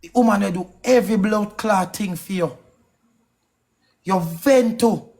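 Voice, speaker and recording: A man's voice: high voice, gravelly, darkish tone. A man with a Jamaican accent delivering a heated, accusing rant on a live stream, firing off questions. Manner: angry, accusing, rapid-fire questions.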